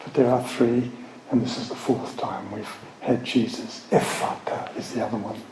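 A man's voice: medium pitch, steady tone, reverberant, background noise. A man preaching a sermon and explaining words step by step, stopping now and then for asides. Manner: slow, explanatory, with word studies and asides.

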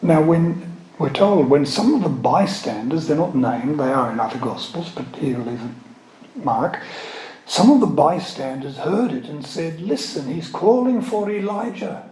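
A man preaches a sermon slowly and explanatorily, working through word studies step by step and stopping now and then for asides. His voice is a little high, expressive and dark in tone, heard in an echoey room on a rough recording.

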